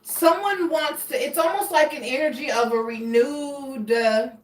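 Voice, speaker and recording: A woman's voice: high-pitched, unhurried. A woman giving a casual tarot reading, rambling and restarting as she searches for words. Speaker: tarot reader. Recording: echoey room, voice a bit far from mic.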